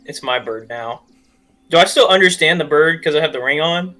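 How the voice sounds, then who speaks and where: A man's voice: fairly high pitch, moderate pace, bright, forceful tone. Laid-back young man playing a game. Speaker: player. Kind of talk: casual tabletop game play.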